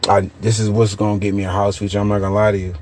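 A young man, a podcast host telling profane, animated stories with loose repetitions. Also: on the low side, rapid-fire, slight background noise. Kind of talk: casual chat.

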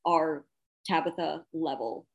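A woman's voice: deep voice, slow, vocal fry. A young adult woman, a podcast guest and pageant titleholder, telling a story casually, acting out quotes and laughing often. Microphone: podcast microphone.

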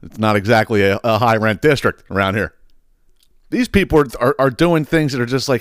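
A man hosting a podcast, ranting casually and profanely, often laughing at his own stories. His voice sounds smooth and resonant, recorded close and dry with almost no room sound. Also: mid-range voice, a little fast, no room sound. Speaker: podcast host. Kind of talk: casual comedic rant.

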